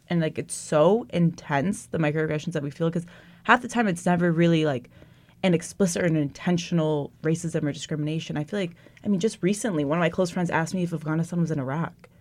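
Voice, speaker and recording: A woman's voice: lowish voice, fast talker, a little mellow, no room sound. A young woman in casual conversation, frank and wry, telling stories with animation.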